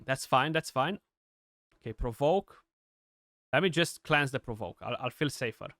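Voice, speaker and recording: A young man giving chatty, excitable live commentary on his gameplay, with many restarts and fillers. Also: medium pitch, moderate pace, dry recording, studio quality. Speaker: gaming streamer.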